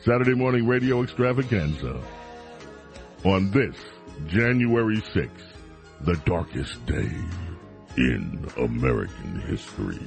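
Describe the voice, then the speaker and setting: A male radio host whose voice rises and falls with lively animation as he announces and jokes. His talk is casual and playful, with light music faint underneath. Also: low voice, unhurried, vocal fry.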